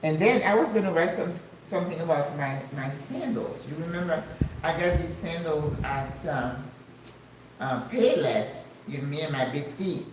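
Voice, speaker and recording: An older woman from the United States chatting casually to her viewers, exclamatory and quick to laugh. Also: sits low, lively intonation, a little hiss or hum. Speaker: vlogger. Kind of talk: casual chat. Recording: echoey room.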